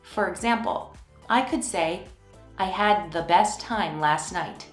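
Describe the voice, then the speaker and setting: A woman teaching English pronunciation in a scripted lesson, speaking slowly and enunciating each word clearly. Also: medium pitch, echoey room, soft background music. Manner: slow, clear, carefully enunciated.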